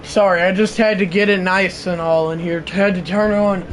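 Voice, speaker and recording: High-voiced man doing game commentary. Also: moderate pace, low-quality recording. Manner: swings between loud excited play calls and low offhand asides to chat. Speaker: livestream host. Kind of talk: mock play-by-play commentary on a football video game. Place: room at home. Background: faint fan hum.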